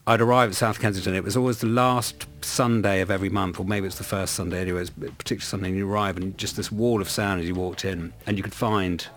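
A man's voice: sits low, fairly even intonation, fast, hardly any pauses, soft background music. A middle-aged man from London, a guest in casual chat, telling rambling stories with many restarts. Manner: rambling, self-correcting storyteller.

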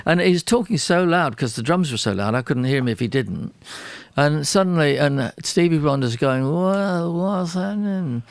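A man, a record producer, telling a story in an interview, animated and self-deprecating, with frequent restarts. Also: mid-range voice, moderate pace, vocal fry, no echo. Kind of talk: anecdotal storytelling in a radio interview.

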